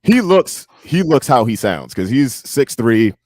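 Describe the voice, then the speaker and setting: A young man with a deep voice, chatting as a podcast guest and telling stories with lots of laughter. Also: a little slow, no room sound. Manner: laughs often, animated storytelling. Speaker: podcast guest, musician and MMA analyst. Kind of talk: casual chat.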